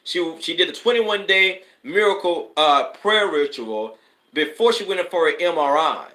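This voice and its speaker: A man's voice: fairly high pitch, animated, moderate pace, pushed and bright. A man, a spiritual advisor, hosting a live stream in a casual, rambling way, with sudden preacher-like bursts of emphasis. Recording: echoey room.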